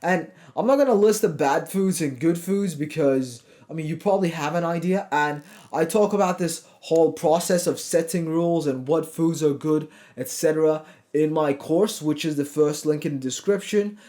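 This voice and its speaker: A man's voice: on the high side, moderate pace, few pauses, mellow. Blunt, swearing fitness coach man. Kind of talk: motivational talk to camera.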